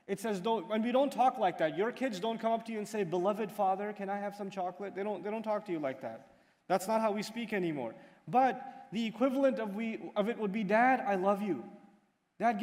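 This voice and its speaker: A man giving a religious lecture, telling the story with animated, acted-out dialogue. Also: high voice, big-room sound. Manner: animated storytelling, acts out a child's voice. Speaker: Islamic lecturer.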